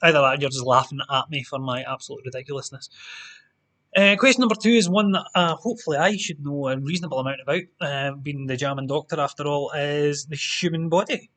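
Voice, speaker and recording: A man's voice: fairly high pitch, quick pace, pushed and bright. A Scottish man hosting an online pub quiz, reading out answers with chatty, jokey asides to the players. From Scotland.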